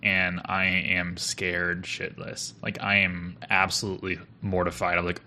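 A young man with a fairly low voice tells a story on a podcast. His delivery is casual and rambling, packed with fillers and restarts. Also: steady tone, moderate pace, sharp tone, a little hiss or hum. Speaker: podcast co-host.

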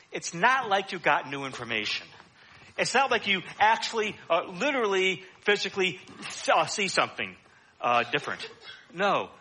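A man's voice: fairly high pitch, bright, forceful tone, a little hiss or hum. A man preaching a sermon in a conversational teaching manner, with frequent "uh" fillers.

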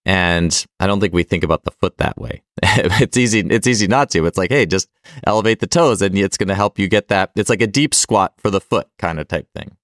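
A man hosting a podcast interview, talking in a relaxed, chatty way. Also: deep voice, fairly quick, dry recording, clean studio sound. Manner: relaxed, chatty, laughs easily. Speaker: podcast host.

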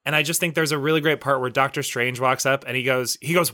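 A man's voice: medium pitch, steady tone, fast talker, sharp tone, no room sound, studio quality. A man co-hosting a podcast in casual chat, joking and laughing, often acting out comic characters' lines. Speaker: podcast co-host.

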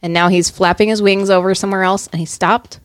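Give me a woman at a family game night, chatty and animated, describing each gesture as it happens. She has a mid-range voice and a dry, close recording. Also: medium pitch, fast talker, no echo. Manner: animated play-by-play describing actions. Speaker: game player. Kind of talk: casual game night chat. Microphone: close podcast mic.

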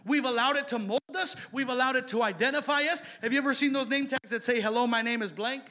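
Male preacher, high voice, bright tone, shouts then drops low, sermon. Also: quick pace. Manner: swings from loud shouted exhortation to quiet intimate asides.

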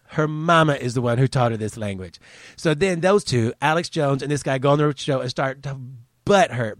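A man hosting a casual commentary show, animated and crude, mocking the people he talks about. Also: medium pitch, no room sound, studio quality. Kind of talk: casual profane news commentary.

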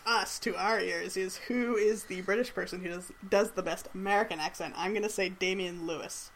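Wry female co-host, mid-pitched, easygoing chat delivery. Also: fairly quick, slight background noise. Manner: relaxed, wry, laughs while talking. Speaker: podcast co-host. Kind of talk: casual chat.

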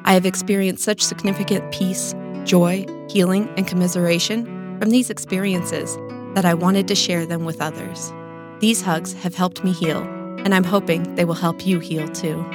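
A woman reading her own personal essay aloud in a calm, measured, sincere way. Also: lowish voice, over music.

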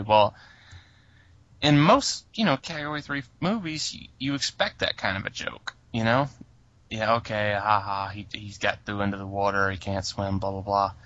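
A man's voice: on the low side, fairly bright tone, no echo, dull audio. A man chatting loosely as a podcast co-host about a film, laughing along. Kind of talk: casual chat.

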